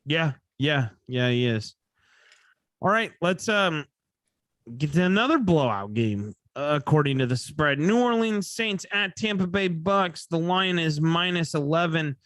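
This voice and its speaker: A man's voice: on the high side, animated, measured pace, a bit bright, no room sound, clean studio sound. A man hosting a casual sports betting podcast, sleepy and yawning, rambling and correcting himself as he talks. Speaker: podcast host.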